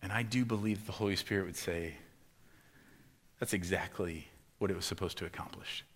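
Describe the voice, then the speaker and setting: A man preaching a sermon, acting out frustrated questions in a raised, animated voice and then turning quiet and earnest. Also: deep voice, normal speed, husky. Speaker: pastor.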